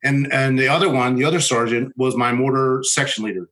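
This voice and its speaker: A former Marine officer telling a personal story in a candid, halting way, restarting sentences and swearing bluntly. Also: male voice, mid-range voice, steady tone, a bit bright, rough recording.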